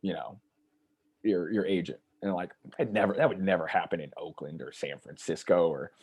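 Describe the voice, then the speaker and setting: A man's voice: sits low, normal speed, a little mellow, slightly rough. A man telling stories in casual conversation as a guest, rambling and acting out the voices of people he quotes. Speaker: author and journalist guest.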